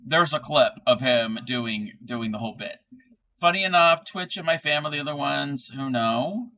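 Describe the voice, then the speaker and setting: A man's voice: medium pitch, moderate pace, pushed and bright, rough recording. A man chatting casually on a livestream while crocheting, reading chat aloud and laughing often. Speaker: streamer crocheting live.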